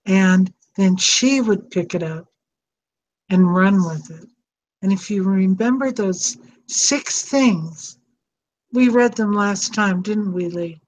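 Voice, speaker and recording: A woman's voice: medium pitch, slow, slight background noise, rough recording. An older woman hosting an advice talk, speaking in an earnest, reflective way. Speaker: host.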